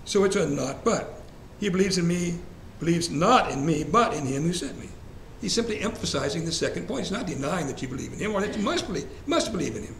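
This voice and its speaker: A man's voice: a little high, animated, brisk, few pauses. Man teaching a bible class in an echoey room. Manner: conversational, asks the class questions, repeats references. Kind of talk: church Bible study lesson. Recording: echoey room, faint ambient hiss.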